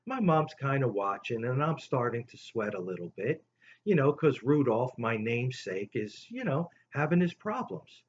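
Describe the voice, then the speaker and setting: An older man tells a rambling childhood story to the camera in an animated, casual way, jumping high for quoted lines. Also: moderate pace. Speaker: storyteller host. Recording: slightly dull recording with faint room noise.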